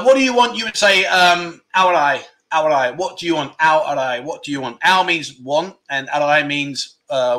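A man's voice: fairly high pitch, pushed and bright. A man hosting a casual livestream chat, talking loosely and cutting himself off as he laughs at his own slips. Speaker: livestream host.

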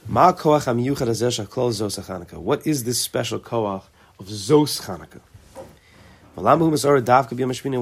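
A man's voice: fairly low pitch, a little mellow, breathy edge. A man leading an informal religious study group, thinking aloud, restarting phrases and mixing Hebrew terms into his English. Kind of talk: informal Torah class.

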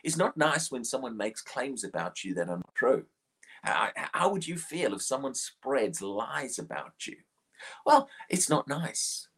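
A man's voice: medium pitch, very animated, a little slow, gravelly, fairly bright tone, slightly rough. A middle-aged man preaching a sermon in an earnest way, often repeating words as he starts a sentence.

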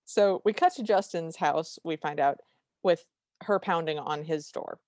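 Wry, low-voiced woman podcaster. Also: measured pace, darkish tone, no echo. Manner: dry, wry storytelling with quoted lines. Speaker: podcast co-host. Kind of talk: casual movie recap chat.

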